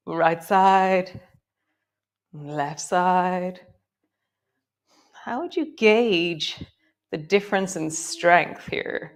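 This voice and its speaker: A woman with a mid-range voice teaches a live guided yoga class. She breaks up her gentle, encouraging movement cues with chatty tangents, and her delivery grows slower and softer as she leads students through each move.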